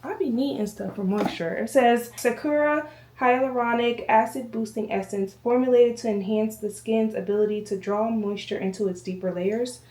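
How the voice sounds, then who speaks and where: A woman vlogger chatting casually to camera at home, slightly out of breath, rambling and addressing viewers as y'all. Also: medium pitch. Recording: echoey room, voice from a distance.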